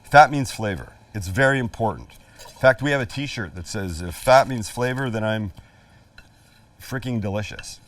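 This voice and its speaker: Out in his backyard kitchen, a middle-aged host leads a casual cooking demonstration full of chatter, jokes, and emphasis. He sounds animated, with a lowish voice at a moderate pace, captured on a distant mic.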